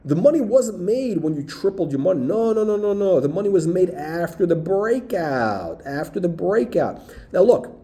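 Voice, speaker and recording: An emphatic man talks through stock charts in a lively, up-and-down delivery, his pitch jumping around. The voice sits somewhat high for a man but has a mellow, dark color. He drives his points home with repeated bursts of "boom" and "okay". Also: normal speed. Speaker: stock market commentator. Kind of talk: chart walkthrough video.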